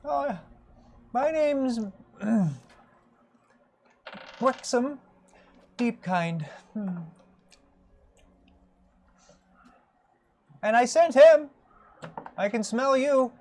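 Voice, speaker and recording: A frail, kindly old rabbit-folk priest, voiced by a man for a tabletop game, sits high and thin in the voice. He quavers, clears his throat and drifts off into hums, sweet but half asleep. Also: expressive, drawn-out words, long pauses, darkish tone, heavily acted. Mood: cheery. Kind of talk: tabletop role-play character voice.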